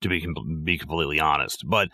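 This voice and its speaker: A man's voice: a bass voice, quick pace, no echo, studio quality. A man co-hosting a casual movie podcast, swearing often and acting out lines from the film. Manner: profane, animated, acts out film quotes. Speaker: podcast co-host.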